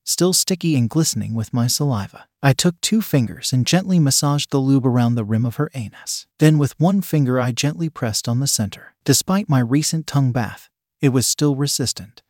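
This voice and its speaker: A man's voice: mid-range voice, darkish tone, dry recording. Man reading a story, dry close sound. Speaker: narrator. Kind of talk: first-person story reading.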